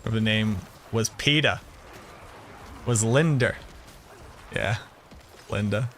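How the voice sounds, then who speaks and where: A man's voice: fairly low pitch, slow pace, slight background noise. Chatty Boston man streaming games. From Boston area, USA. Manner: animated storyteller, swears casually. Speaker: game streamer. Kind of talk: casual live-stream chat.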